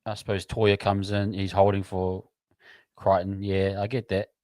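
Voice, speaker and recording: A man chatting casually about the match as a podcast co-host, making relaxed, offhand remarks on the play. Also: low voice, moderate pace, no room sound. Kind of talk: casual match commentary chat.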